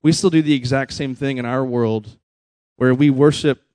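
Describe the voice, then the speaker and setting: A man's voice: mid-range voice, fairly even intonation, moderate pace, mellow, dry recording. A man preaching a sermon in a conversational way, often checking in with his listeners. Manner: conversational preaching, frequent "right?" asides. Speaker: pastor.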